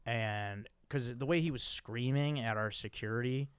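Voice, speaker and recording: A man hosting a podcast, telling a story in a profane, animated way with many restarts. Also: mid-range voice, normal speed, clear, resonant tone, no echo. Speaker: podcast host. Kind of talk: casual chat.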